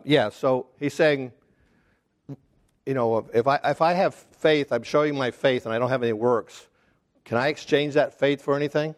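A man teaching a casual Bible study class, talking haltingly with restarts and putting questions to the group. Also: mid-range voice. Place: church classroom.

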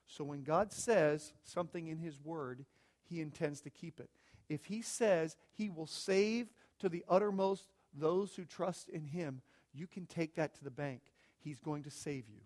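High-voiced emphatic male preacher. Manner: emphatic, swings from hushed to loud with rhetorical repetition. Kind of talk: sermon.

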